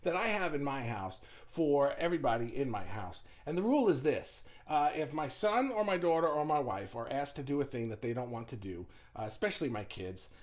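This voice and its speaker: A man's voice: mid-range voice, lively intonation, a little fast, hardly any pauses. A middle-aged man and business owner giving casual motivational advice, blunt, swearing freely and often restarting his sentences. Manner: frequent restarts and stumbles.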